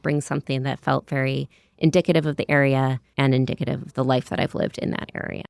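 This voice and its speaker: A woman's voice: extremely low pitch, flat delivery, quick pace, vocal fry, darkish tone, no echo, studio quality. An American woman in her thirties, a cookbook author chatting in an interview, descriptive with many "like" and "you know" asides. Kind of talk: conversational interview.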